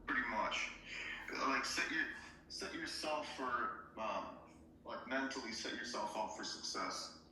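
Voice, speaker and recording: A man's voice: mid-range voice, measured pace, pushed and bright, slight background noise. A man in a training chat who answers briefly and asks questions. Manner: brief agreeing replies and questions. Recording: echoey room, voice from a distance.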